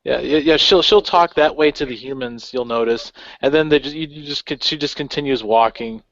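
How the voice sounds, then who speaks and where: A man's voice: medium pitch, a little fast, fairly bright tone, no room sound. A man talks casually at a gaming table, rambling through his thoughts with lots of likes. The sound is dry and dull, like a cheap mic in a deadened room. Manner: chatty, loose, with many likes and restarts. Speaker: player. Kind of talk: casual table-talk about his character.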